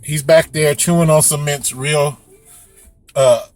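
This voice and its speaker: A young man, a rideshare driver, telling a story to camera in a casual, animated way and mimicking squeaky sounds. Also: slow pace, no echo, faint music behind.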